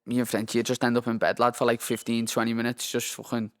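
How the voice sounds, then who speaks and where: A man's voice: mid-range voice, little pitch movement, fast. A young man with a Liverpool accent, a professional boxer chatting as a guest in a rambling, sweary way and saying "lad" constantly. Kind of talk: casual interview chat. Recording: long hall reverb.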